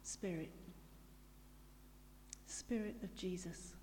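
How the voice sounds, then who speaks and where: A woman leading prayer in a church, speaking slowly, gently and contemplatively. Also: on the low side, a little hiss or hum. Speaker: prayer leader. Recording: church hall reverb with faint violin.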